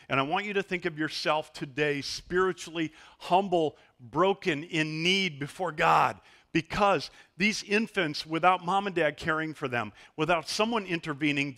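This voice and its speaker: Middle-aged male pastor, bright slightly high voice, animated sermon storyteller. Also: normal speed. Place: church sanctuary.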